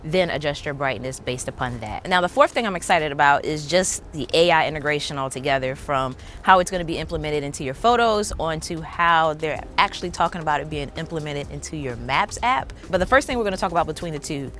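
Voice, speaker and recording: Low-voiced enthusiastic woman vlogger. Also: animated, brisk, few pauses, fairly bright tone, soft background music. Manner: chatty, enthusiastic, lots of "like" fillers. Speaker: tech vlogger. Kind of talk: casual tech review vlog.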